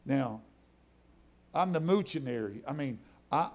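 A man's voice: mid-range voice, normal speed, gravelly, darkish tone. A middle-aged man preaching a testimony sermon, telling his story in a conversational way that builds into fervent preaching.

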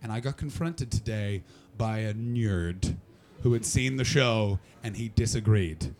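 A brash male stand-up comic with a gravelly edge to his voice, riffing on the crowd and telling profane, animated stories. He performs in a small cellar club with the audience laughing along. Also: lowish voice, measured pace. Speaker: stand-up comedian. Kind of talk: stand-up comedy with crowd work. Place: comedy club cellar venue.

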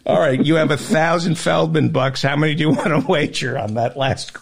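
A man's voice: a little high, fairly quick, gravelly, slight background noise. A man hosting a podcast, running a mock quiz and teasing his guest. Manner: teasing quizmaster. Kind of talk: casual podcast banter.

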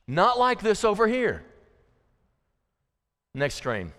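High-voiced man preaching in echoing church. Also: a bit bright. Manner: urgent, repeats phrases for emphasis, addresses congregation directly. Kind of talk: sermon. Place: church sanctuary.

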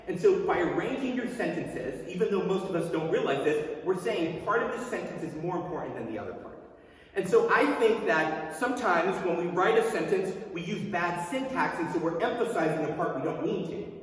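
A man's voice: sits high, expressive, brisk. A man in his thirties preaching a sermon as a pastor, conversational and emphatic, with rhetorical questions to the congregation. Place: church sanctuary. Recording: echoey hall from far off, faint ambience.

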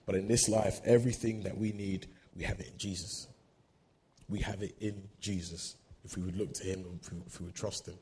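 A man's voice: low voice, fairly even intonation, a little fast, warm tone, rough recording. A man preaching a sermon, earnest, often repeating words as he works through a thought.

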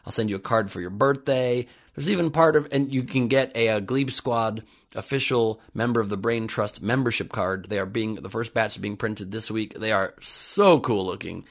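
A man's voice: fairly low pitch, moderate pace, gravelly. A man hosting a podcast, delivering a comedic news monologue in a sarcastic, jokey manner. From United States. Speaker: podcast host.

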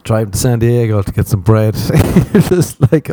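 A man's voice: lowish voice, expressive, normal speed, few pauses, mellow, dry recording. A man riffing through a rambling comedic monologue, swearing freely, mocking himself and breaking into laughs. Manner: profane, self-mocking, laughs often; loose storytelling with asides.

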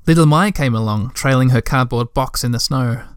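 A man's voice: mid-range voice, moderate pace, smooth, dry recording, studio quality. A man reading a children's book aloud, breaking off for chatty asides to listeners. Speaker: reader.

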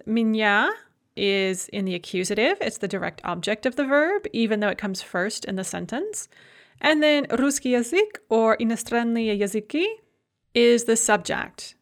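Patient woman teaching a grammar lesson. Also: a little high. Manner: patient, methodical explaining with slow, careful example words. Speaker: language teacher.

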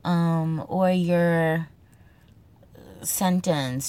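A woman's voice: on the low side, lively intonation, slow, long pauses. A woman with a Boston accent hosting a casual, comedic podcast monologue, brash and profane in a joking, tough-talking way. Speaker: podcast host.

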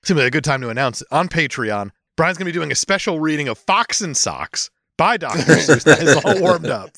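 A man's voice: fairly high pitch, big pitch swings, fairly quick, sharp tone, no echo, clean studio sound. A man co-hosting a comedy podcast, teasing and mock-outraged in casual chat. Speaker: podcast co-host.

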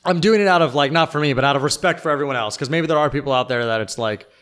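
A man's voice: medium pitch, rapid-fire, fairly bright tone. A young man chatting casually on a podcast, venting and rambling with lots of fillers. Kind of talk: casual chat.

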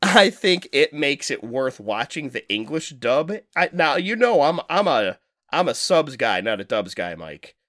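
A man talking loosely on a podcast, rambling from one point to the next, with lots of swearing and quick laughs. His voice sits in a middle register and sounds dry and close to the mic. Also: mid-range voice, sing-song, a bit bright, no room sound. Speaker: podcast co-host. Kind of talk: casual chat.

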